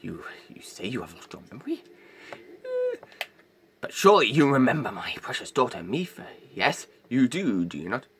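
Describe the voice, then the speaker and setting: A man's voice: medium pitch, huge pitch swings, moderate pace, fairly bright tone. A man doing a grand old fish king. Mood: dismayed. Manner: formal, grand old-fashioned speech. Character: huge regal old male fish king, warm-hearted. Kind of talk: amateur game voice-over.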